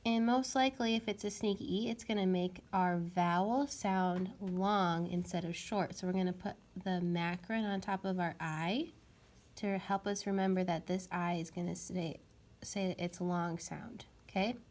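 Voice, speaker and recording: A woman's voice: on the low side, fairly even intonation, normal speed, darkish tone. A woman teaching a phonics lesson to young children, patiently sounding out letters and words.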